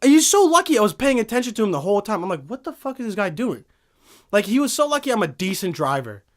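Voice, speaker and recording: A man in his twenties hosting a casual podcast chat from a studio, excitable and profane, forever saying dude. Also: high voice, fast talker. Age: 20s. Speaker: podcast host. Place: recording studio.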